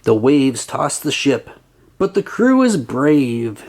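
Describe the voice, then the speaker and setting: Children's read-aloud narrator, unhurried, sing-song, wide lively pitch. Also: slight background noise. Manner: slow, expressive, sing-song. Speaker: storybook reader.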